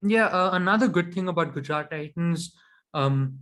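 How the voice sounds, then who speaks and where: Male podcast co-host with a higher voice, chatty and opinionated, with frequent ums. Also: moderate pace, a bit bright. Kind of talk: casual cricket chat.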